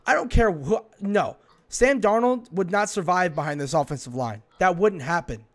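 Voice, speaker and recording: A man's voice: sits high, lively intonation, moderate pace. A man hosting a sports podcast, ranting in a fired-up way, swearing and firing off rhetorical questions. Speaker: podcast host. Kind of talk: heated sports podcast talk.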